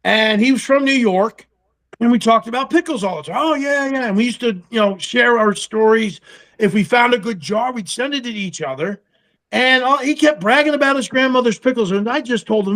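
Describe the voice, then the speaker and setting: A man's voice: extremely high pitch, a little fast. A man being interviewed, telling casual stories about starting a business and acting out the dialogue in them, with some salty language. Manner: animated storyteller who acts out quoted dialogue, salty language. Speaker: guest, pickle company co-founder.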